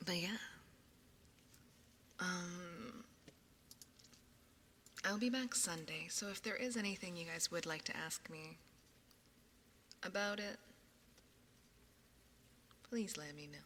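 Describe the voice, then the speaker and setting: Chatty woman streamer, low soft voice. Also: takes it slowly, long pauses, long reverb tail, a little hiss or hum. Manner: chatty, often dropping into a soft whisper. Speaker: ASMR streamer. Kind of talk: casual chat with viewers on stream. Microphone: binaural ASMR microphone.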